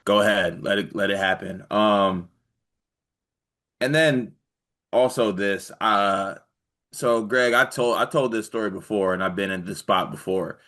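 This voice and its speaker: A man with a fairly low voice, co-hosting a casual sports show. He talks in a laid-back way and often tells stories. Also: steady tone, measured pace, fairly bright tone. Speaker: co-host, former college player.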